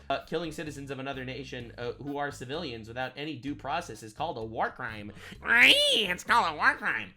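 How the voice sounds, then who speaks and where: A man streaming a reaction to a video, ranting loudly and repetitively with plenty of profanity. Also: mid-range voice. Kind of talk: heated reaction commentary.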